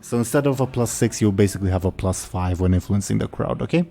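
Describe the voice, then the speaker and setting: A young man narrating a tabletop game as game master, casual and halting with many fillers. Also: lowish voice, vocal fry, warm tone.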